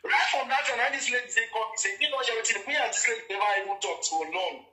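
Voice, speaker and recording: A Nigerian Pidgin-speaking man recounts gossip in a rambling, casual way, slipping into the voices of the people he quotes. His voice sits high and cuts through sharply. The room around him rings with echo. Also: fast talker, bright, forceful tone. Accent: Nigerian Pidgin English. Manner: rambling, acts out quoted dialogue.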